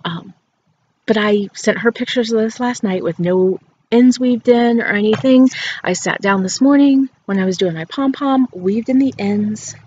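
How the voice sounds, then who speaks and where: A woman's voice: on the high side, moderate pace, mellow. A woman hosting a knitting podcast outdoors, chatting playfully about her work and laughing often. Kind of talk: casual show-and-tell chat. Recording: dull outdoor recording with faint background noise.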